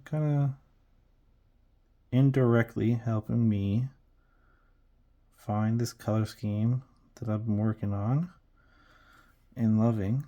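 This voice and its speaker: A man's voice: fairly low pitch, gravelly, mellow. A man chatting casually and rambling as he paints miniatures at his hobby desk, trailing off and restarting often.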